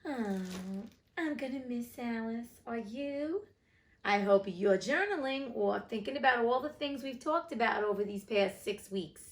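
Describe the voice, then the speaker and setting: A woman's voice: fairly high pitch, animated, unhurried. Chatty woman hosting a classics read-aloud. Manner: chatty, self-deprecating, jokey asides. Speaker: audiobook podcast host. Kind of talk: casual chat and audiobook reading.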